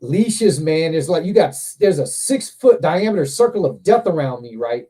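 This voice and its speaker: Mellow-voiced man telling rambling stories. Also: on the high side, moderate pace, slightly rough. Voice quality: profane, rambling, animated anecdotes. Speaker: livestream host. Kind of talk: casual storytelling chat.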